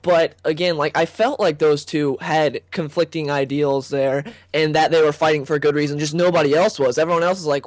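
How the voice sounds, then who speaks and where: A man hosting a casual movie debate. He is opinionated and keeps acting out quoted lines in a higher voice. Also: steady tone, fairly quick, few pauses, no room sound. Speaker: host.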